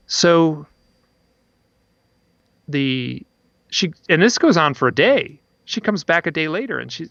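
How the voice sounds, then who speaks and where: A man's voice: mid-range voice, creaky, a bit bright, dry recording, dull audio. A man, an author guest in an interview, telling stories in a rambling way with many restarts and repeated words. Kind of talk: interview storytelling.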